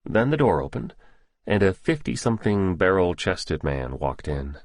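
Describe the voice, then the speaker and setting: A man narrating a first-person thriller audiobook in a measured, steady storytelling manner. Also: sits low, dry recording.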